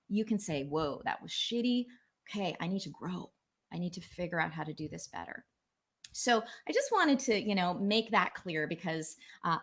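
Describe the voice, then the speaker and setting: Earnest woman coaching on a livestream. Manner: earnest, casual, with many fillers and restarts; acts out quoted voices with big pitch jumps. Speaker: life coach. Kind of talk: livestream talk to viewers.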